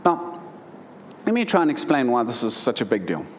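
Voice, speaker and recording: A man's voice: medium pitch, very animated, normal speed, slight background noise. A man in his thirties preaching a sermon, reading scripture and then telling a personal story earnestly, with emotion and frequent restarts. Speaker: pastor.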